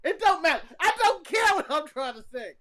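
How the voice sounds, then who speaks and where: Man, podcast co-host, high voice, animated, laughs a lot. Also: a little fast. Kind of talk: casual podcast chat.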